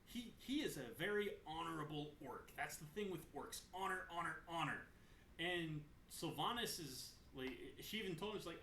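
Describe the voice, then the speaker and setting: A man hosting a gaming lore video who recaps the story in a casual way. He is animated, swears, and wanders off on tangents. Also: a little high, moderate pace. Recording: roomy echo, faint room noise.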